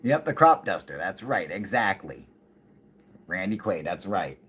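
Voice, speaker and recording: A man with a low-pitched, husky voice talks on a livestream in a loose, rambling rant. He swears freely, gets heated, and keeps laughing between points. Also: big pitch swings, a little slow, fairly bright tone. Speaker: livestream host. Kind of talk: casual ranting livestream talk.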